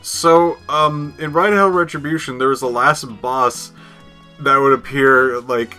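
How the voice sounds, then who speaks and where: Bright-voiced man chatting in slow rambling fashion. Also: mid-range voice, steady tone, smooth, faint music behind. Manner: rambling, many fillers, laughs often. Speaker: co-host. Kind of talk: casual chat about video game glitches.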